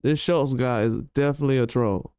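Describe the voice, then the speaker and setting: A man's voice: mid-range voice, brisk, darkish tone, smooth, no room sound, clean studio sound. A man hosting a commentary video, ranting in a heated, slangy, emphatic way and repeating his points. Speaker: commentary channel host. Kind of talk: casual commentary rant.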